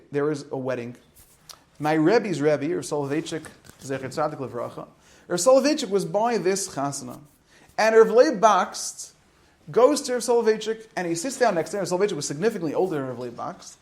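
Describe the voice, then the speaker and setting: Animated rabbi telling stories, fairly high voice. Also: male voice. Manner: animated storyteller, swings from loud to hushed. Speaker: rabbi teaching at a yeshiva high school. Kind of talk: storytelling Torah talk to students.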